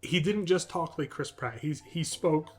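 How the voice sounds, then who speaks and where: A man's voice: on the high side, unhurried, faint music behind. A man co-hosting a casual podcast, talking in a rambling, enthusiastic way with lots of fillers. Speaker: podcast co-host. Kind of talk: casual chat.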